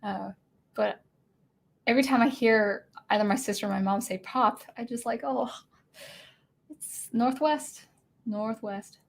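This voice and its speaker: Young woman streamer from Washington, casual and rambling, mid-pitched voice. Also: fairly even intonation, moderate pace, creaky. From Washington state. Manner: rambling, chatty, full of fillers and restarts. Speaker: livestream host. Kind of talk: casual livestream chat.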